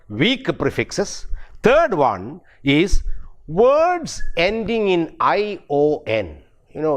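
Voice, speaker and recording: A middle-aged man with an Indian English accent teaching pronunciation, spelling words out letter by letter and repeating key words. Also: fairly high pitch. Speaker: university English professor. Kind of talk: pronunciation lecture.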